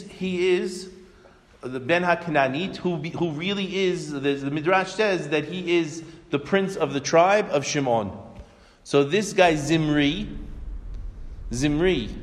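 A male religious teacher with a slightly high voice, spinning stories and firing rhetorical questions at his class. His voice carries a long hall reverb. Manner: animated storytelling with rhetorical questions. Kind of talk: Torah class lecture.

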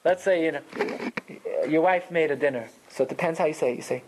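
A man giving a Talmud class lecture, explaining rulings in a conversational, animated way. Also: a little high, quick pace, a little hiss or hum, low-quality recording. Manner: animated, conversational explaining with Hebrew and Yiddish terms. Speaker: Torah teacher.

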